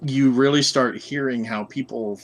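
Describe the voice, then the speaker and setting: A man's voice: medium pitch, steady tone, normal speed. A man chatting casually as a stream guest, stammering and repeating words, laughing often. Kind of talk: casual chat.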